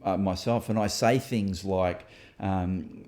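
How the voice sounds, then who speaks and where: A man's voice: fairly low pitch, takes it slowly, a little mellow. A man hosting a casual discussion, reflective and thinking aloud with fillers and restarts. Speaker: author and host.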